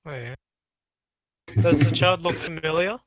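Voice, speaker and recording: Man, tabletop player, hesitant, slow, fairly high voice. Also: crowd noise, poor audio. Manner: hesitant, full of ums. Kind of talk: tabletop game play.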